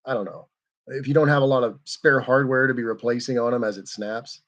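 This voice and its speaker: A man's voice: mid-range voice, steady tone, brisk, a bit bright. A man hosting a car livestream in casual, rambling, self-deprecating chat.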